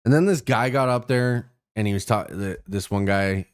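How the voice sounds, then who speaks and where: Here the young Canadian stream host has a lowish, smooth voice at a moderate pace. His casual rant to viewers wanders, packed with swearing, filler words and restarted sentences.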